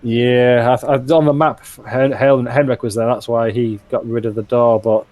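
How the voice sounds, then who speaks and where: A man's voice: medium pitch, little pitch movement, normal speed, no echo, lo-fi sound. A man playing a tabletop game, thinking aloud with hesitant restarts as he plans his character's moves. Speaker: player.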